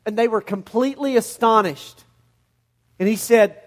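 Man, pastor, sermon, high-pitched, animated storyteller, middle-aged. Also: moderate pace. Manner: animated storytelling, acts out Bible scenes in voices.

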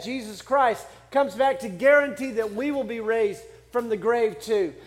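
A man preaching a sermon in a conversational, humorous way, acting out quotes from the scripture as he goes. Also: very high-pitched. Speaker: pastor.

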